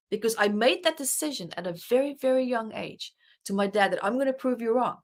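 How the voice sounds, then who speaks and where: A woman's voice: fairly high pitch, a bit bright. Earnest woman telling a personal story. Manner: earnest, emphatic, acts out her own inner dialogue. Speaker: guest, author and life coach.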